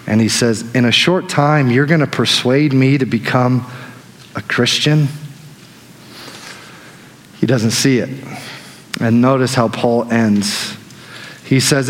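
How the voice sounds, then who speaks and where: A man preaching a sermon as pastor, telling stories in an animated way that swings between loud and hushed. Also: medium pitch. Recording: long hall reverb.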